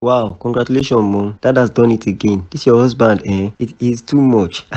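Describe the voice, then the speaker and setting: A man's voice: medium pitch, fairly even intonation, normal speed, a little mellow, dull audio, close to an everyday voice. A man with a Nigerian accent voicing a cheeky, boastful young son in a cartoon, teasing and playful. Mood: impressed. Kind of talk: cartoon voice acting.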